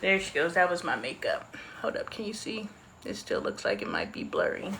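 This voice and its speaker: A woman's voice: fairly low pitch, huge pitch swings, normal speed, vocal fry, a bit bright, a little hiss or hum. A woman in her forties hosting a casual livestream, talking candidly and chattily about old photos. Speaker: livestream host. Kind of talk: casual live-stream chat.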